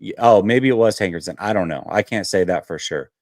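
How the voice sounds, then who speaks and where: A man hosting a casual sports talk show, telling a story with lots of fillers and animated detail. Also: low-pitched, brisk, no room sound, clean studio sound. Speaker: host.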